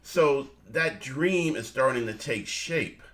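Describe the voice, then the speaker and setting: A man's voice: medium pitch, expressive, slow pace, fairly bright tone. A man co-hosting a casual morning show, upbeat, laughing often and calling his listeners family. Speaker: co-host.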